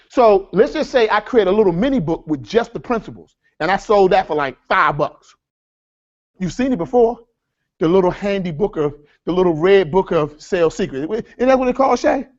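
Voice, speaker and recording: A man leading a live workshop seminar, energetic and repetitive, with a preacher-like cadence as he addresses the audience as folks. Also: high voice, fairly quick, dull audio. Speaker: workshop speaker.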